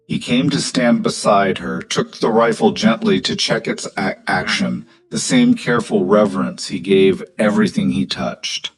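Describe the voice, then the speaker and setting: Low-voiced male story narrator. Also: over music, rough recording. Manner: measured, steady storytelling. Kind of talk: scripted narration.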